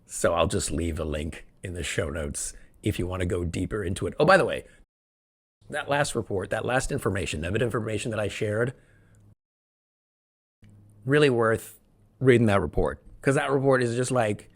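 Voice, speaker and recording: Husky, excitable male podcast host. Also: on the low side, normal speed. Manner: excitable, rambling, jokey. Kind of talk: solo podcast monologue. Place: room where he records alone. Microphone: podcast microphone, also filmed.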